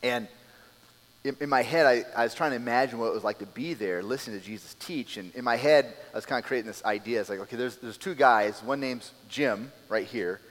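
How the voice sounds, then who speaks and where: A man preaching a sermon as a pastor, telling the scene in a lively way and acting out the people in it. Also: mid-range voice, fairly quick, big-room sound. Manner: animated storytelling, acting out scenes.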